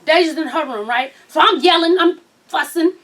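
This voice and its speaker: A woman vlog host telling a story in casual chat, loud, laughing and cussing as she goes. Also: high-pitched, normal speed, far from the mic.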